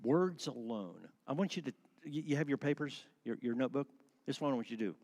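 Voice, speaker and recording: A man in his sixties giving a lively church class talk, acting out voices and laughing often. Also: mid-range voice, quick pace. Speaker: church speaker on marriage.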